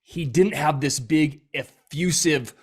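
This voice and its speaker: Husky-voiced man hosting a chat. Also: a little high, slow. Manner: prompting the guest with short remarks. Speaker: podcast host. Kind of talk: casual interview.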